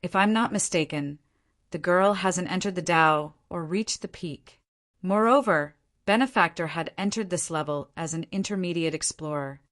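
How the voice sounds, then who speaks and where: A woman narrating an audiobook, voicing a courteous female snake demon who speaks politely and measured. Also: on the low side, a bit bright, lightly acted.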